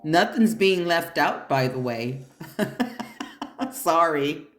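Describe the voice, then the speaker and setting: A tarot reader doing a pick-a-pile reading speaks at a medium pitch, slowly, with a fairly bright tone. She's blunt and emphatic, swears freely, and encourages the listener directly. Faint music plays behind a roomy echo.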